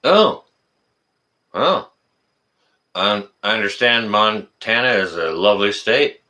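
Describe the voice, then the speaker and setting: A man's voice: lowish voice, expressive, takes it slowly, sharp tone. A man hosting a casual live stream, rambling, teasing his guest and reading out viewer comments.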